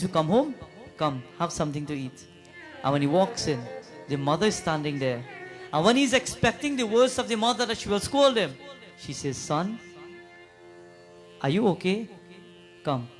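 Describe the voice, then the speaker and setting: A high-pitched man preaching a sermon at a prayer gathering, retelling a devotional story. He turns often to the listeners with questions and slips into sung verses, with soft music faint behind him. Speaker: pundit.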